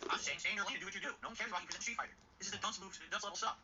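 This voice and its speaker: A man's voice: very fast, bright, forceful tone. A man ranting angrily and profanely on a livestream. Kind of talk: ranting stream clip. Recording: muffled low-fi stream audio with faint noise.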